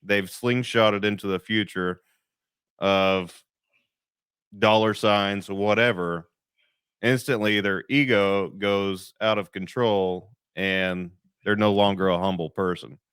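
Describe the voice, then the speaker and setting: A man hosting a podcast, speaking in an earnest, measured way. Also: on the low side, steady tone, a bit bright, clean tone, no room sound, clean studio sound. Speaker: podcast host. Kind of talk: casual podcast interview.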